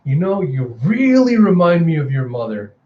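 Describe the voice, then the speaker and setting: A man voicing a tough female ship captain, brisk and gruff. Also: a little high, sing-song, warm tone, reverberant, dull audio.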